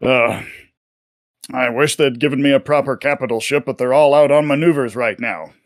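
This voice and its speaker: A man's voice: mid-range voice, normal speed, no room sound, studio quality, natural voice. A man doing a hearty naval commander. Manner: hearty, blunt. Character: gruff, friendly male naval commander.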